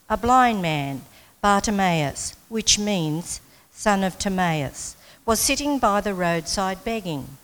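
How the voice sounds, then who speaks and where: Slow, careful female scripture reader. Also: mid-range voice, big-room sound, rough recording. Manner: measured, careful reading. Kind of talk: reading scripture aloud.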